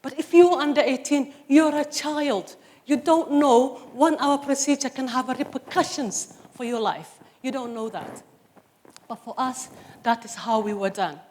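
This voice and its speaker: A middle-aged woman from Somalia speaks on stage in a fairly high voice. Her testimony is impassioned and emphatic, pressing each point home. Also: unhurried, a little mellow, slight background noise. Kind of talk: personal testimony talk. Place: stage before an audience.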